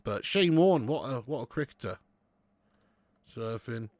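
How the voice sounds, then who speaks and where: A young man hosting a live football watch-along, chatting with viewers, laughing often and swearing freely when excited. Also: mid-range voice, a little slow, no echo. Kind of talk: live match commentary and chat with viewers.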